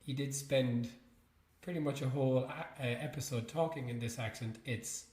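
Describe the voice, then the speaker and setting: Male podcast co-host, relaxed and laughing; echoey room sound. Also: medium pitch, moderate pace. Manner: relaxed, laughs often, tees up audio clips. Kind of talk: casual chat.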